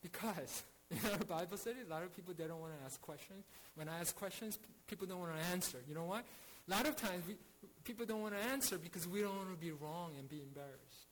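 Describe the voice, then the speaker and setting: High-voiced man teaching a Bible study. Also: quick pace, few pauses, a bit bright, poor audio. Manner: earnest, many restarts and rhetorical "right?".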